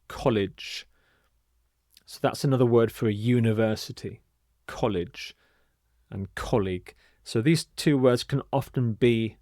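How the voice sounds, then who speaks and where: Male English teacher, mid-pitched, very slow and deliberate, emphatic pronunciation, dry close mic. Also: a little mellow, no room sound. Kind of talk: vocabulary lesson.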